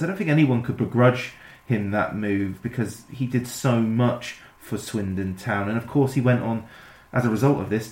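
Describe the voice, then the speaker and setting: A man's voice: medium pitch, a little mellow, roomy sound. A man hosting a podcast, reading prepared introductions and chatting about football. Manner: reads prepared player intros, teasing reveal. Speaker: podcast host. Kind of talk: scripted quiz-style introductions and chat.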